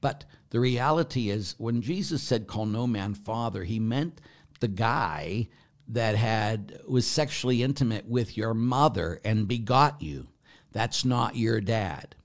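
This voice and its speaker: Rambling middle-aged priest, lowish voice. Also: male voice, animated, a little slow. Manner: rambling, goes off on tangents, asks listeners rhetorical asides. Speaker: Catholic priest. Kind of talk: conversational teaching on faith.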